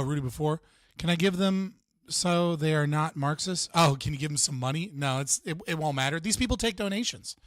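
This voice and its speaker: A man's voice: on the high side, dry recording. Profane man ranting on a live stream. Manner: profane, ranting, talks to chat. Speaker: streamer reacting to an interview. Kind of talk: casual live-stream commentary.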